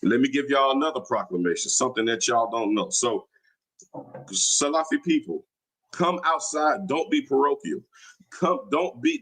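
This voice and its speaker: A man's voice: mid-range voice, low-quality recording. Taunting man on a livestream. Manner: combative, taunting, slangy. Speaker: livestream host. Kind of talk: casual livestream talk. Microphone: streaming mic.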